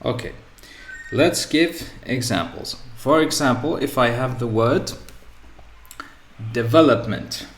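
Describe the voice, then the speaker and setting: A man teaching English word stress in a slow, repetitive lesson, often pausing with "okay" and "so". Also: medium pitch. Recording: echoey room with faint ambient noise.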